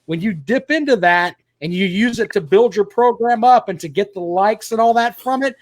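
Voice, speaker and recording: High-voiced opinionated man hosting sports talk. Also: moderate pace, no echo. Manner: opinionated, explains at length. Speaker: podcast host.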